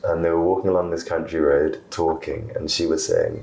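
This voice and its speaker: Man, very deep voice, gravelly fry, relaxed storytelling, roomy echo, faint noise behind. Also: fairly quick, few pauses. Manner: relaxed, with fillers and soft laughs. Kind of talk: casual storytelling.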